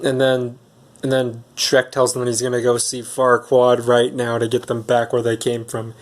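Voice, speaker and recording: Brief: everyday guy retelling a movie plot, rambling and unsure, middle-of-the-road pitch. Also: monotone, moderate pace. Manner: rambling, hesitant, many ums and restarts. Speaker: movie reviewer. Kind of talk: casual film recap.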